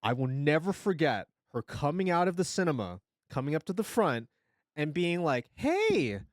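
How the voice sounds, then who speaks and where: Speaking into a close mic, a young male streamer relays a funny story, swearing freely. His pitch jumps up and down for dramatic emphasis at a moderate pace, and the dry, close recording suits his expressive delivery.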